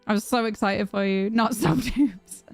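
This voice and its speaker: Here a young woman chats with viewers from her home stream in a mid-range voice with vocal fry, speaking a little slowly. She gets animated, curses, and reads chat out loud while faint music plays behind her.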